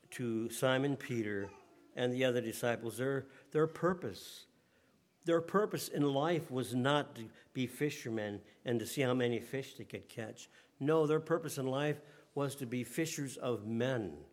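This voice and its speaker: A man preaching a sermon, reading King James scripture and then exhorting his listeners. He goes soft and slow on key words and rises loud when he presses a point. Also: medium pitch. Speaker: pastor.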